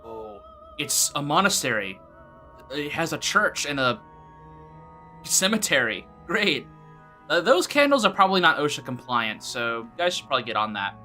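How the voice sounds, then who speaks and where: A man's voice: on the high side, sing-song, moderate pace, bright, forceful tone, soft background music. A man streaming a game and making joking, sarcastic asides as he plays. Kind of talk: casual gameplay commentary.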